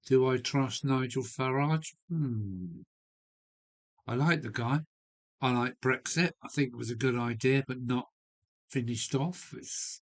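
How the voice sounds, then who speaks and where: Englishman, middle-pitched, blunt and rambling live-stream chatter. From England. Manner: blunt, opinionated, rambling, with mild swearing. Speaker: model railway live streamer. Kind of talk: casual rambling chat to a live audience. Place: home loft. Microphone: live stream setup.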